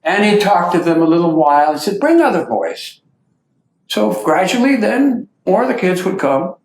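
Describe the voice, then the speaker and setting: A man's voice: sits high, moderate pace, slight background noise. A man giving a lecture to an audience, telling anecdotes and acting out the quotes. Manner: lively anecdotal storytelling with acted quotes. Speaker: speaker giving a talk. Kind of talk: storytelling lecture. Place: meeting hall. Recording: echoey hall.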